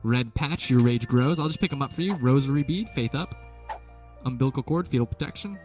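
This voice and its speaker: A young man with a medium-pitched, somewhat dark voice talks briskly over game music as a let's play commentator. His casual commentary rambles and is full of self-deprecating jokes.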